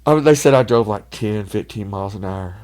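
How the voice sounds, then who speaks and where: A man, a podcast guest telling rambling party stories in casual chat, laughing often and getting loud when he acts out other people. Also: on the low side, fairly quick, a crowd in the background.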